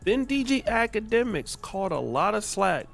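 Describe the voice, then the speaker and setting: A man's voice: high-pitched, big pitch swings, moderate pace, gravelly, fairly bright tone, soft background music. A man hosting a reaction show, narrating gossip news and reading comments aloud. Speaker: host.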